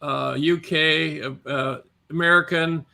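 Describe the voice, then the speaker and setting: A man's voice: on the high side, steady tone, a little slow, vocal fry, sharp tone. A man joining a casual video call chat, easygoing and joking, with many short agreeing murmurs. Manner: easygoing, joking, backchannels a lot.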